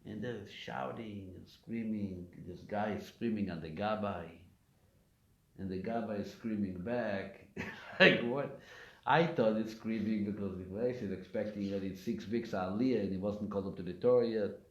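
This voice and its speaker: A man's voice: on the low side, moderate pace, fairly bright tone. A man, a rabbi, giving a weekly class, telling stories and asking rhetorical questions with emphasis. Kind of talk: weekly Torah class lecture. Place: live class in a community center. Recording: echoey room, dull lo-fi sound.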